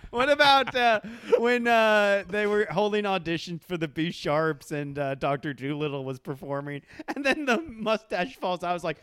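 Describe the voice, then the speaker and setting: A young man co-hosting a casual podcast chat, talking fast and animated and acting out cartoon quotes. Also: high voice, clean tone, no room sound. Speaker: podcast co-host.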